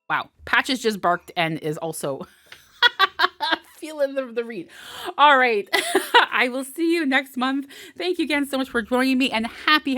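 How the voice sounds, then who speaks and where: A woman's voice: a little high, a bit bright, dry recording, clean studio sound. A woman hosting an intuitive tarot reading, chatty and encouraging, often repeating key words as she speaks from home. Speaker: tarot reader and channel host.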